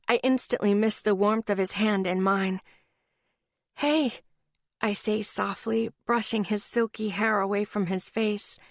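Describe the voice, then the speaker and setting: A woman's voice: mid-range voice, dry recording, studio quality. A woman narrating a romance audiobook in the first person, intimate and emotional.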